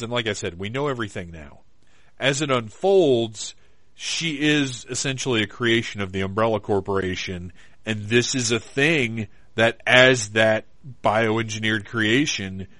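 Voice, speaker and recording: A man co-hosting a podcast, talking through a movie in a relaxed, rambling way with fillers. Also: mid-range voice, no room sound. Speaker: podcast co-host. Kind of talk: casual film discussion.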